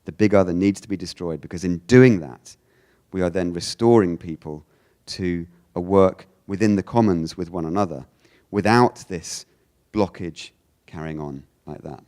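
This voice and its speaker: A man from the United Kingdom giving a lecture, animated, often restarting his sentences and acting out quoted lines. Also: low voice, normal speed. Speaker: speaker giving a talk.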